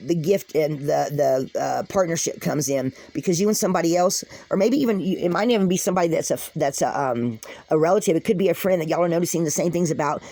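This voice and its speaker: A woman's voice: low-pitched, mellow, dry recording, low-quality recording. A woman giving a casual spiritual tarot reading to camera, chatty, laughing often and talking straight to her viewers. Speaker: tarot card reader.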